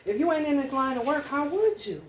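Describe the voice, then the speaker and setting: A woman's voice: high voice, animated, fairly quick. A woman giving a casual astrology reading that turns into a blunt, heated rant full of profanity. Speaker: astrology reader. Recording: echoey room, distant mic, faint noise.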